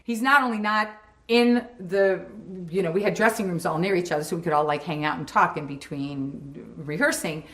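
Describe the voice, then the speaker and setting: Bright-voiced woman telling a lively story. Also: on the low side, moderate pace. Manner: lively, animated, acts out scenes. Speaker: sitcom cast member recalling a shoot. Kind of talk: anecdotal interview storytelling.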